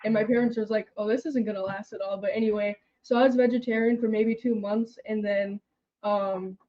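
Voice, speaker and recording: A woman's voice: mid-range voice, fairly even intonation, a little fast, warm tone. Earnest young woman, slightly dull audio. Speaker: interview guest. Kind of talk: casual interview storytelling.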